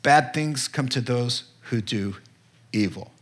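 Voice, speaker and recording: A man's voice: medium pitch, slow. A man preaching a conversational sermon from Proverbs, candid and often checking in with his listeners. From northeastern United States. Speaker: pastor.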